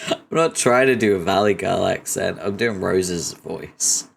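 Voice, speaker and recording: A man's voice: deep voice, animated, a little slow, vocal fry. A man reading a webcomic aloud on a casual livestream, playful and laughing often.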